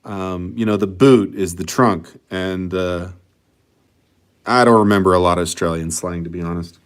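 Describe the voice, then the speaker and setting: A man's voice: low voice, steady tone, normal speed, clear, resonant tone. A man chatting casually in a vlog, reading viewer comments and swearing freely while he rambles. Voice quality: profane, rambling, laid-back. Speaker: channel host.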